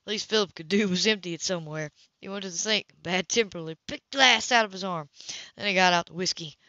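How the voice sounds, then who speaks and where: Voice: medium pitch, a little fast, bright, forceful tone, no room sound. An amateur audiobook reader who stumbles over words and chuckles at the text while reading, in a dull lo-fi recording.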